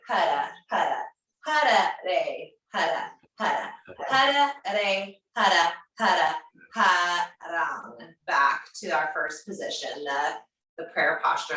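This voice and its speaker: Calm yoga teacher in an echoey room. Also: female voice, mid-range voice. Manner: calm, encouraging, gently chanting mantra syllables. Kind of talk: guided yoga class instruction. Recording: roomy echo, speaker far from mic.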